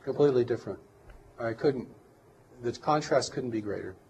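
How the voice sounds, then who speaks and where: A man speaking as an interview guest, measured and reflective, often pausing and restarting his sentences. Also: medium pitch, gravelly, a little mellow, slight background noise. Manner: measured, hesitant, with many restarts and fillers. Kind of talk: earnest reflective interview talk.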